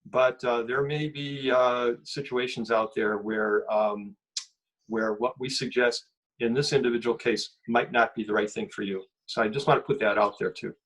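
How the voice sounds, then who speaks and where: A husky-voiced man teaches a mindfulness group how to sit with anxiety. He speaks gently and haltingly, restarting phrases as he searches for words. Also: medium pitch, steady tone, poor audio. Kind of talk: guided meditation teaching.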